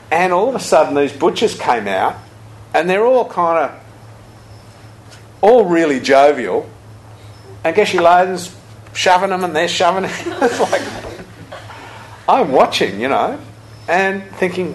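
An older man, a Buddhist teacher giving a talk full of anecdotes, told with lively chuckles. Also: on the high side, unhurried, long pauses, a little hiss or hum, low-quality recording.

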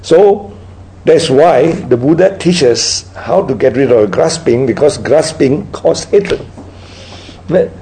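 Heard on poor audio with slight background noise, a man with a medium-pitched, animated and warm voice leads a dharma talk that includes audience questions. He teaches as a Buddhist teacher through unhurried storytelling, punctuating nearly every point with "right?"

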